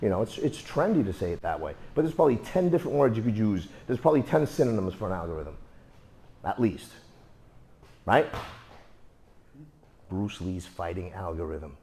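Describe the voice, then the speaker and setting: A man's voice: low-pitched, lively intonation, normal speed, pauses often, warm tone, a little hiss or hum. A man teaching martial arts. He coaches students through drills with repeated, emphatic cues and counts out the moves.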